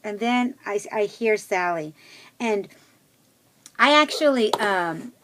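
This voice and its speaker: A woman's voice: medium pitch, animated, slow pace, fairly bright tone. A middle-aged woman talking to her viewers in a casual personal vlog, chatty and rambling, with many fillers and restarts. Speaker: vlogger.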